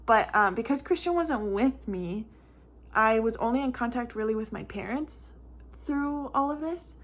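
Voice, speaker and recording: A young mom telling a storytime vlog in a slightly high voice. She rambles casually with lots of "like" fillers, and her talk turns emotional at times, close to tears. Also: expressive, moderate pace. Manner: chatty, rambling, many "like" fillers.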